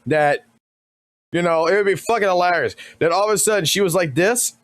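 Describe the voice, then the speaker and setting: A man streaming, giving casual reaction commentary in a rambling, profane, excitable way. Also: sits high, brisk, no room sound.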